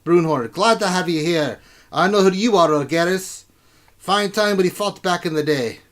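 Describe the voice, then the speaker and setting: A man doing a bellowing gruff dwarf king. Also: sits high, moderate pace, pitched above the performer's own voice. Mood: blustering. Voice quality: gruff, shouting. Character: gruff loud old male dwarf king.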